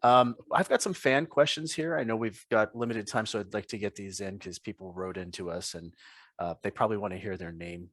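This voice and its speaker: A man's voice: lowish voice, a little fast, a bit bright, dry recording. A man hosting a casual interview podcast, upbeat as he reads out listener questions. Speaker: podcast host.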